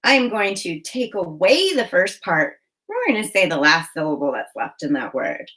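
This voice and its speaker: A woman teaching a phonics lesson for children, giving slow, clear, encouraging prompts. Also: on the low side, huge pitch swings, sharp tone, poor audio.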